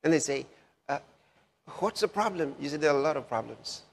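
A man preaching a sermon, slow and repetitive, with emphatic rises on key phrases. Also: a little high, lively intonation, gravelly, slight background noise. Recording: long hall reverb.

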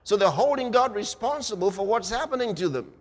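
A man preaching a sermon dramatically, swinging from shouts to quiet and acting out scenes. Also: high-pitched, expressive, a little fast. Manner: dramatic, shouting at peaks then dropping quiet, acts out scenes. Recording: echoey hall.

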